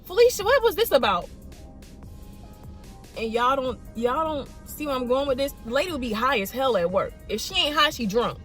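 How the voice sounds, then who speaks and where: High-voiced woman telling a lively story. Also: a little fast, hardly any pauses, soft background music. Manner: animated storytelling, mimics others in quotes. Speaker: vlogger. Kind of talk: storytime vlog.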